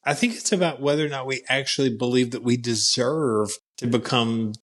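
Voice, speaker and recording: A man's voice: medium pitch, a little fast. A man co-hosting a podcast in casual conversation, speaking in a reflective, candid and motivational way, often saying "you know" and "look". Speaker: podcast co-host.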